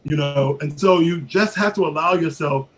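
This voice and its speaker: Animated man leading a writing workshop. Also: fairly high pitch, moderate pace. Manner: animated storyteller, many fillers and restarts, acts out quoted voices. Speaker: creative writing workshop leader. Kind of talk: casual workshop talk.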